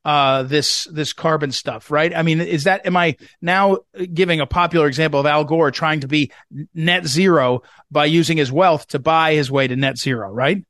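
Rambling talk radio host, higher voice. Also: male voice, moderate pace, a bit bright, no echo. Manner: rambling, many fillers and restarts.

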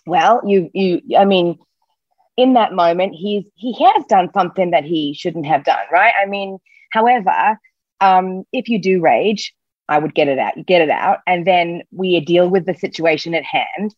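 A woman's voice: fairly low pitch, unhurried, no echo, dull audio. A woman parenting coach speaking reassuringly and emphatically on a podcast, often repeating key phrases. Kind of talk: casual podcast chat.

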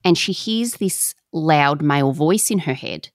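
A woman co-hosting a podcast, telling a story in casual, animated chat with slang and the odd swear word. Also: low-pitched, a little slow, no room sound, studio quality. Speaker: podcast co-host.

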